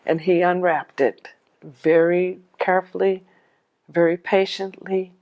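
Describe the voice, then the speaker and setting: A woman telling her own life story as a personal testimony, animated and laughing often, dropping her voice when she quotes others. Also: fairly low pitch, a little slow, lo-fi sound.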